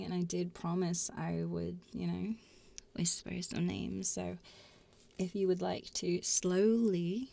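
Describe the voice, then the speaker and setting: A woman's voice: fairly low pitch, vocal fry, a little mellow. A woman hosting a livestream, chatting casually in a rambling, sweary way with frequent giggles. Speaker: stream host.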